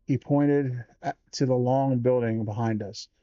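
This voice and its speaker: Male storyteller reading aloud; slow, measured, warm tone, dry muffled recording. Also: medium pitch, fairly even intonation, dry recording. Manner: slow, measured reading with small self-corrections. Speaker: livestream host reading a book aloud. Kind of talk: reading a children's horror book aloud.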